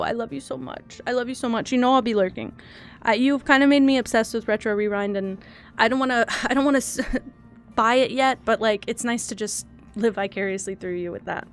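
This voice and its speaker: A young woman streamer chatting casually with viewers, rambling and self-deprecating, a little teary and laughing often. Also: on the high side. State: teary, crying. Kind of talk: casual live-stream chat.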